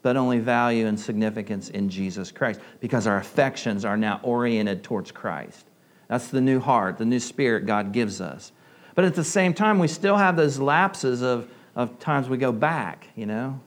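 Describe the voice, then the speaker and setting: A pastor with a slight southern US accent preaching a conversational sermon, often repeating words and asking the congregation questions. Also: male voice, medium pitch, normal speed.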